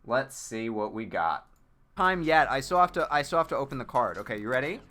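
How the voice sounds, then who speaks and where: A man hosting a live-stream clip tournament in casual chat, excitable and rambling with lots of fillers. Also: mid-range voice, fairly quick.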